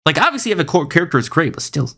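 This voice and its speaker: A man's voice: on the high side, sing-song, racing, creaky, pushed and bright, breathy edge. A young man streaming live, reading chat aloud and riffing on it in a rambling, casual way, often saying "bro" and "listen.".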